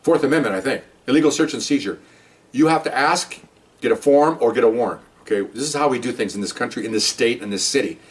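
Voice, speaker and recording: An older man, a retired narcotics detective, telling a story from his career in a heated, animated way and acting out what people said. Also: medium pitch, quick pace, recorded from a distance. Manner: heated, animated, acts out quoted lines. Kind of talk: personal storytelling.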